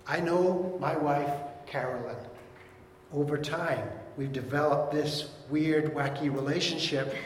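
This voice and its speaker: A man's voice: a little high, slight background noise. Man preaching in an echoey hall. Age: middle-aged. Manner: earnest teaching, reads verses aloud slowly. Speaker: pastor. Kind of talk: sermon. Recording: echoey hall with long reverb.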